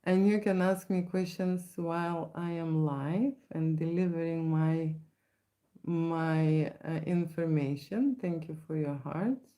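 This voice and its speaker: A woman's voice: low-pitched, takes it slowly, dark tone. Lithuanian-accented woman rambling on a live stream. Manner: rambling, many restarts and tag questions. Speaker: photographer hosting a live Q&A. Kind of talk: casual live-stream talk.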